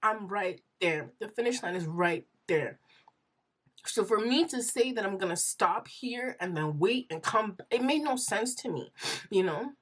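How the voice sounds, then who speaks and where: A woman's voice: medium pitch, expressive, unhurried, slightly rough. A young woman vlogger telling her personal story in an earnest, rambling way, full of fillers and close to tears.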